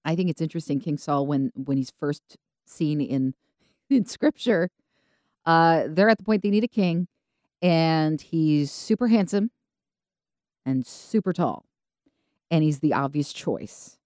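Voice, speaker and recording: A woman co-hosting a podcast, telling Bible stories casually and acting out the characters in quick voices. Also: low-pitched, no room sound, studio quality. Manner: animated storytelling, acts out biblical characters in quick voices. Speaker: podcast co-host.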